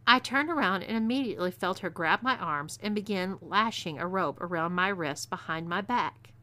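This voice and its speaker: Bright Texan woman narrating a story. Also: on the low side, moderate pace, hardly any pauses. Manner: drawling, storytelling delivery.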